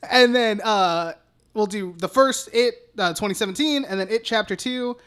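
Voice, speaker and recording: A man's voice: high voice, moderate pace, a bit bright, slight background noise. Young guy on a movie podcast, cusses constantly, laughs a lot, chill rambling chat. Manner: profane, laughs often, rambling. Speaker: podcast co-host. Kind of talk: casual chat.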